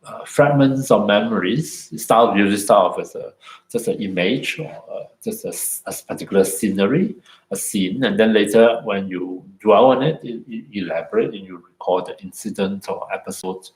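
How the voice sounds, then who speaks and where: A man giving an unhurried, reflective dharma talk as a meditation teacher, often ending thoughts with "isn't it" or "no", then leading a guided meditation. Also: lowish voice, roomy sound, low-quality recording.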